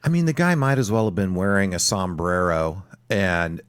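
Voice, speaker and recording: A man's voice: deep voice, normal speed, clear, resonant tone. A man co-hosting a talk radio show in casual chat, agreeable and chuckling as he reacts. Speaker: radio co-host.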